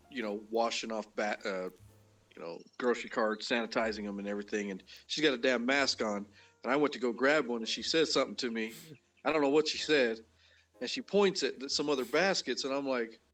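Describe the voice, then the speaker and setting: A man's voice: a little fast, distant mic. Married man telling a story off-mic. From Utah, USA. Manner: animated storyteller, jumps much higher for quoted lines. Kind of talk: casual storytelling.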